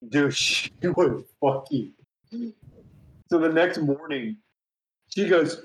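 A man's voice: a little high, expressive, takes it slowly, pauses often, roomy sound, low-quality recording. A man in his twenties, co-hosting a podcast, telling a story in casual chat, swearing and laughing often. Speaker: podcast co-host.

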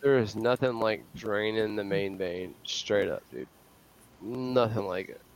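A man's voice: on the low side, lively intonation, unhurried. A man calling into a live stream, chatting crudely and telling a rowdy, profane story. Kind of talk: crude casual chat.

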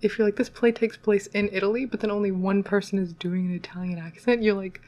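A woman's voice: medium pitch, steady tone, fast, darkish tone. A woman co-hosting a podcast in casual chat, musing through playful hypotheticals. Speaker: podcast co-host.

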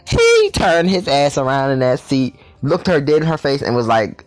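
A man's voice: a little high, very animated, normal speed, few pauses, soft background music. A young man telling a story in a casual vlog, sassy and profane, with lots of energy.

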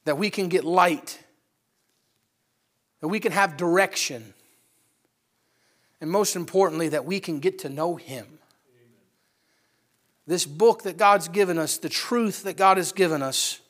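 Fervent male preacher, higher-pitched voice. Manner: storytelling, builds to fervent near-shouting. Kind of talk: sermon. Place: church.

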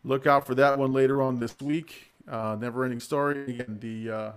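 A man's voice: medium pitch, flat delivery, fairly quick, a little hiss or hum. A man in his forties hosting a casual livestream podcast, chatty and rambling, laughing often. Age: 40s. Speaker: podcast host.

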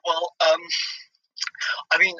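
Bright, husky-voiced man, hesitant. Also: fairly high pitch, completely flat delivery, takes it slowly, no echo, muffled recording. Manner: hesitant, many fillers and restarts. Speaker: podcast co-host. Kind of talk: casual chat.

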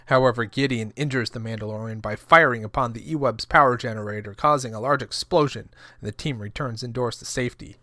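A man co-hosts a podcast from home, moving between easy banter and a steady read of a plot summary. His voice is mid-pitched and recorded dry, with no room around it. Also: fast talker, few pauses, dry recording. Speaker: podcast co-host. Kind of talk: casual chat and reading a summary aloud.

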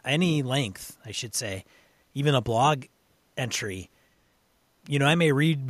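Man, mid pitch, halting thoughtful chat, dry sound. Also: a bit bright, dry recording. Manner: thoughtful, halting, self-correcting. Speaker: podcast co-host. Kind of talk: casual chat about tabletop gaming.

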